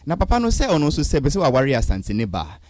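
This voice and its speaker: A man with a Ghanaian accent hosting morning radio in a studio, talking in a hesitant, lively way mixing Twi and English. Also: on the high side, racing, dry recording. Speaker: radio show host. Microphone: studio mic.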